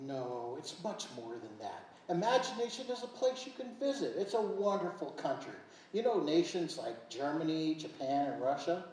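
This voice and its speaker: A woman in a community stage play playing Kris Kringle, a gentle, kindly old man who coaxes a child patiently. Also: sits low, sing-song, moderate pace, few pauses, a little hiss or hum. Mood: coaxing. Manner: patient, coaxing storyteller tone. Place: stage in an arts center. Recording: echoey hall picked up from far off.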